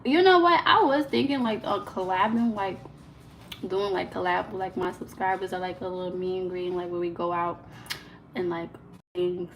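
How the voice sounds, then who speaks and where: A young woman, hosting a casual live stream from her kitchen, animated and full of "like" fillers. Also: fairly low pitch, moderate pace, slight background noise, poor audio. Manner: chatty and animated, lots of "like" fillers, laughs often. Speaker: livestream host. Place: home kitchen.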